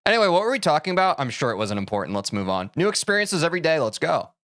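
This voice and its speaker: A man's voice: on the high side, very animated, rapid-fire, fairly bright tone, dry recording, faint music behind. A man streaming a game, talking casually to his chat in a rambling, self-interrupting, opinionated way.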